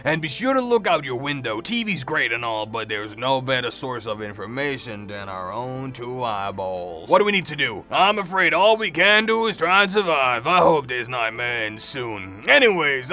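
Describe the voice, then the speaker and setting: A man's voice: medium pitch, sing-song, normal speed, few pauses, pushed and bright, voice pushed down. A man voicing a friendly, laid-back male neighbor in a game, giving folksy advice. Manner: matter-of-fact, folksy advice. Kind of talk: game dialogue read aloud.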